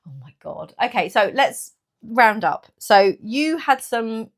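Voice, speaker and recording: A woman, chatting casually in a small business vlog, animated and laughing often. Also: on the high side, slow pace. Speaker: small business owner and vlogger. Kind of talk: casual chat to camera.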